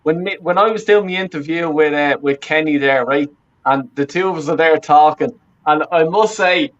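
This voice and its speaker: Laughing fan, muffled high voice. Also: male voice, moderate pace. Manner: excitable, laughs a lot, keeps saying "right?". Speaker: fan interviewer. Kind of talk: casual chat.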